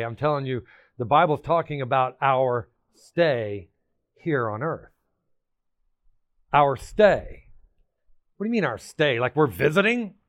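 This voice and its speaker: Excitable high-voiced male preacher. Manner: emphatic, excitable, with sudden shouts and repetitions. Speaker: pastor. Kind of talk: sermon.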